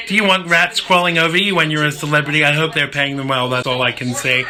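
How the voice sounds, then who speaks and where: A man's voice: sits high, fairly even intonation, a little fast, few pauses, bright, forceful tone. A man hosting his vlog, chatting casually and jokily about a TV show as he watches it. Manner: chatty, rambling, jokey asides. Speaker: vlog host.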